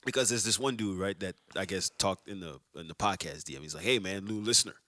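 Loud, passionate podcast co-host man. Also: sits low, lively intonation, fast, no echo. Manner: loud and passionate, talks over others. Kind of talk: casual heated debate.

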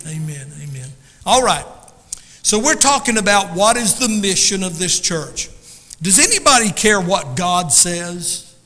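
High, bright-voiced emotional preacher. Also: male voice, big pitch swings, unhurried. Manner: emotional, emphatic, chatty asides to the congregation. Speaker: pastor. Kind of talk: Pentecostal sermon. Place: church sanctuary. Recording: long reverb of a church hall.

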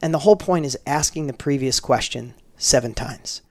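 A middle-aged man appears as a guest on a relaxed podcast interview, animatedly recounting personal tales, acting out what people said, and restarting frequently. He talks at a moderate pace and medium pitch on a dry recording.

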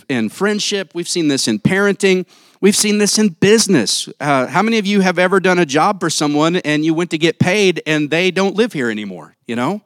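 A man preaching a sermon in church on a handheld mic, casual and jokey, acting out quick quotes. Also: fairly high pitch, a bit bright, no echo. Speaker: pastor.

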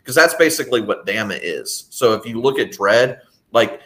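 A man's voice: fairly low pitch, lively intonation, moderate pace, sharp tone. A man co-hosting a podcast, talking casually in long rambling stretches with frequent restarts and sardonic asides. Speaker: podcast co-host. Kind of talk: casual discussion.

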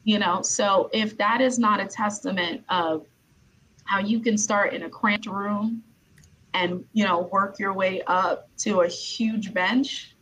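Woman, from Brooklyn, interviewer, casual chat, repeats words, middle pitch. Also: fairly even intonation, slow pace, a bit bright, a little hiss or hum, rough recording. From Brooklyn, New York. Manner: chatty, leans on "you know" and repeats words.

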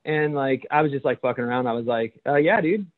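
A man's voice: medium pitch, a little fast. Man on a tinny, phone-like line. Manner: laughs while telling a story. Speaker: chaplain and podcast co-host. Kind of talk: casual storytelling chat.

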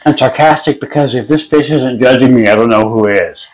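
A man's voice: mid-range voice, fairly quick, rough recording. A man guesting on a comedy podcast, chatting casually in a wry, joking way and swearing freely.

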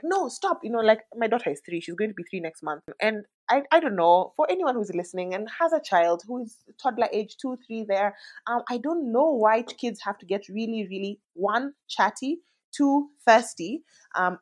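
A woman in her thirties, a mother and interview guest, talking candidly and reflectively in casual conversation, with lots of "like" fillers. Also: mid-range voice.

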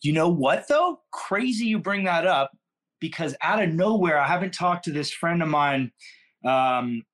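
A man's voice: a little high, animated, a little slow, fairly bright tone. A middle-aged man from California, a podcast guest telling stories in a laid-back, slangy, rambling way. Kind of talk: casual storytelling in a podcast interview.

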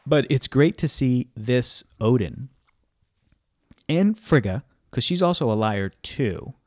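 A man's voice: medium pitch, lively intonation, slow pace, a little mellow, dry recording, studio quality. A man co-hosting a casual podcast chat, rambling with many fillers and restarts. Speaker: podcast co-host.

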